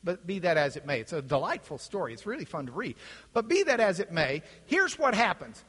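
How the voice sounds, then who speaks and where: A man's voice: sits high, brisk, slightly rough. A middle-aged man giving a classroom lecture, acting out the voices in his quotes. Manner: animated, acts out voices in quotes. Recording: echoey hall.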